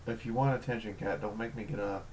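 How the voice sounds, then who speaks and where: A man hosting a loose stream conversation with friends, excitable and quick to swear. His voice sits on the low side, and a faint hiss of background noise runs under it. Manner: excitable, swearing, bursts of loud outcry. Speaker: host. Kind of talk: casual group chat on stream.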